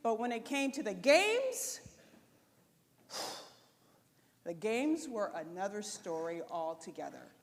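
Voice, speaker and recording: A woman giving a motivational conference talk, chatty and animated, speaking straight to the audience. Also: medium pitch, slow pace, long pauses. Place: conference stage before an audience. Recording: live talk in a reverberant hall.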